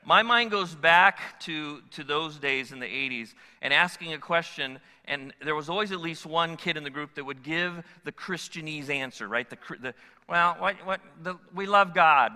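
A man's voice: on the high side, moderate pace, few pauses, bright, forceful tone. A middle-aged man preaching a sermon to his congregation, conversational and joking with people in the pews. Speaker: pastor. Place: church sanctuary with congregation. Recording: long hall reverb.

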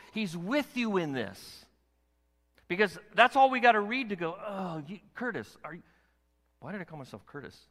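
A man preaching a sermon as pastor, animated and emphatic, with many rhetorical questions to his church. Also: fairly high pitch. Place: church sanctuary. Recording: long hall reverb.

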